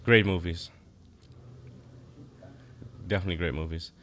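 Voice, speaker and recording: A man co-hosts a casual podcast chat in a low voice. He rambles, loses his thread and fills gaps with ums and likes. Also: fairly even intonation, unhurried, a bit bright. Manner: rambling, lots of fillers. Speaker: podcast co-host.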